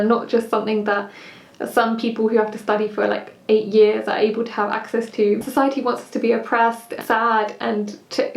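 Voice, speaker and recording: A woman's voice: on the high side, distant mic. A woman hosting a casual political discussion, earnest and passionate. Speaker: video host. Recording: echoey room.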